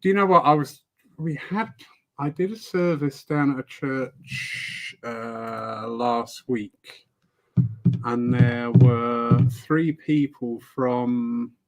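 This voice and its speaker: A man's voice: medium pitch, fairly even intonation, slow pace. A man hosting a casual live-stream chat, a spiritualist service leader who talks in a rambling way with playful asides. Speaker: host.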